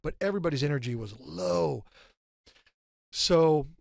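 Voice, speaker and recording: Animated male guest, 50s, gravelly, dry close mic, storyteller. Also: fairly high pitch, unhurried, dry recording. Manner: animated, acts out quotes, many fillers. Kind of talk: casual storytelling.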